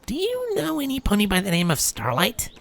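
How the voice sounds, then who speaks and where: A man's voice: high-pitched, sing-song, normal speed, bright, forceful tone, voice pushed up, heavily acted. A man voicing a brash, blunt young pegasus mare in a fanfiction reading, with a raised, teasing voice. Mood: hushed.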